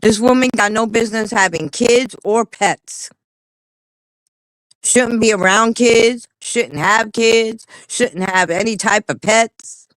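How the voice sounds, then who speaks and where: A woman's voice: a little high, slow, a bit bright, dry recording, poor audio. A woman co-hosting a livestream in casual chat, talking bluntly and heatedly with a lot of cursing. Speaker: livestream co-host.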